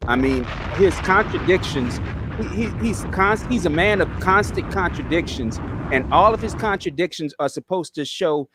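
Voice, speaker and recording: A man's voice: high-pitched, animated, moderate pace, noisy background. A man co-hosting a podcast, ranting heatedly through a casual discussion. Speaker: podcast co-host. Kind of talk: casual chat.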